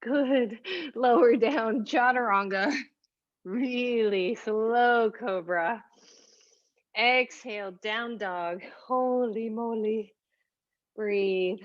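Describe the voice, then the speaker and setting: A woman leads a yoga class, giving each cue slowly and steadily in a slightly high voice. She sounds a little out of breath from moving with the class. The recording is dull and lo-fi. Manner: slow, calm cueing with breathy whoops of effort. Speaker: yoga teacher. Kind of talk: guided yoga class instruction.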